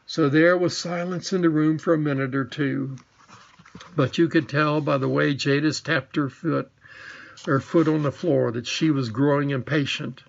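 A man's voice: a little high, fairly even intonation, normal speed, gravelly, lo-fi sound. A man narrating a children's storybook, reading with small slips and restarts. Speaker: audiobook narrator.

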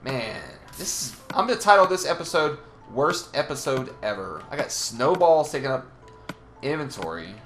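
Faint music sits behind a young man's mid-range voice as he hosts a Let's Play at a moderate pace. Animated and foul-mouthed, this gaming channel host trash-talks the monsters during play.

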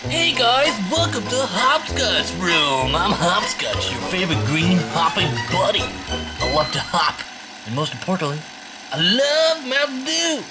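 A man's voice: high voice, very animated, measured pace, exaggerated voice, poor audio. A man voicing a cheery, hyperactive male green bunny toy in a bouncy, gushing sing-song, with music behind.

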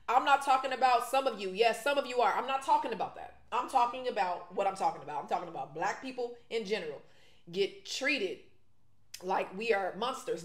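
A woman talks straight to her viewers in animated, indignant vlog chatter. Her voice sits at a middle pitch. The room around her has a noticeable echo. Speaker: vlogger. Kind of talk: casual mukbang commentary.

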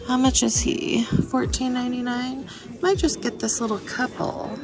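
A woman chatting casually in a shopping vlog, excited and gasping as she browses a store, with music playing behind her. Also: a little high, normal speed. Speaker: thrift reseller vlogger.

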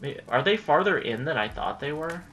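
A young man giving casual let's-play commentary, chatty and easily frustrated, breaking into excited yelling during chases. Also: on the high side, fairly quick, slight background noise. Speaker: gameplay commentator.

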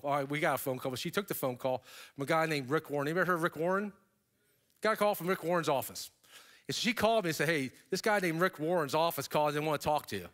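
A man's voice: a little high, a bit bright. A middle-aged man giving a storytelling keynote speech, acting out the voices of people in his stories. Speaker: keynote speaker.

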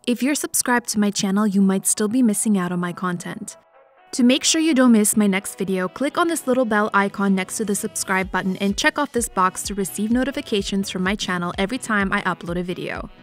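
A woman's voice: medium pitch, brisk, soft background music. A woman vlogger giving a friendly, scripted channel outro.

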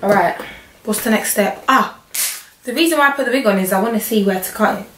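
A young woman with a croaky, hoarse voice, chatting casually and joking to camera while styling a wig at home. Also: medium pitch, fast talker. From England. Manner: chatty, joking, self-talk asides. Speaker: hair vlogger. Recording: echoey room, faint noise.

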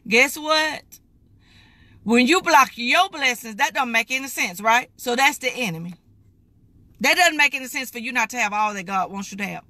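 Raspy, bright-voiced woman preaching. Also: fairly high pitch, dry recording. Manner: emphatic, folksy preaching, calls listeners baby. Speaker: lay preacher streaming live. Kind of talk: live-streamed morning devotional.

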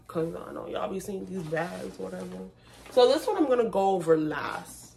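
Young woman vlogging, lowish voice, chatty, calls her viewers y'all. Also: normal speed, gravelly, a little hiss or hum. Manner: chatty, addresses viewers as y'all, excited bursts. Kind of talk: casual vlog chat.

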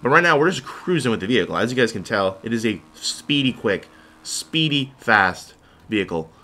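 A man's voice: mid-range voice, big pitch swings, normal speed, sharp tone. A young man giving rambling, jokey commentary over his own gameplay footage. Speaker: gaming video host.

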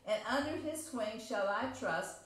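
A woman's voice: on the high side, lively intonation, a little slow. A woman preaching a homespun, conversational sermon, reading scripture aloud and explaining it, repeating and rephrasing her points and asking the congregation questions. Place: church sanctuary. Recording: very echoey church room.

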